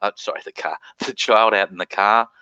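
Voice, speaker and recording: A man's voice: lowish voice, fairly even intonation, a little fast, bright, forceful tone, dull audio. An Australian man hosting a live stream, chatting casually, swearing freely and greeting viewers in the chat.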